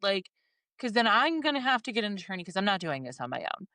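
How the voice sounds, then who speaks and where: A woman's voice: mid-range voice, sing-song, fast talker, bright, forceful tone, dry recording, studio quality. A woman in her forties talking candidly and emotionally, swearing and acting out her own inner thoughts in a podcast chat. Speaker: podcast co-host.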